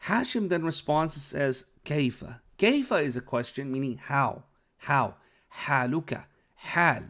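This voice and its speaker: A man's voice: fairly high pitch, expressive, a little slow, fairly bright tone. Patient male Arabic teacher explaining. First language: not Arabic. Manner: patient, checks understanding with frequent okays. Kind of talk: explaining a lesson.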